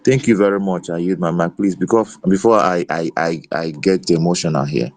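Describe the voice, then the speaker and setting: A man's voice: sits low, fairly even intonation, brisk, no room sound. A man speaking passionately in a live audio room, often restarting and repeating words as he gets heated. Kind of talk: impassioned political speech.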